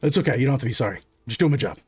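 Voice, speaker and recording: A man voicing a pushy, suspicious male fort guard who talks in a gruff, bullying way. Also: mid-range voice, lively intonation, very fast, darkish tone. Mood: officious.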